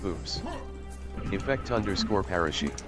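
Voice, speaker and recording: A man chatting on a stream, reading out viewer names in a deadpan way. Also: sits low, a little slow, soft background music. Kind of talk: casual chat.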